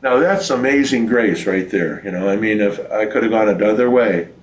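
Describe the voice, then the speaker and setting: In this recorded interview at his home, an older male priest speaks with a lowish voice at a moderate pace. He is a reflective, folksy storyteller who brings the people he quotes to life with animated voices. The audio is roomy and picks him up from afar.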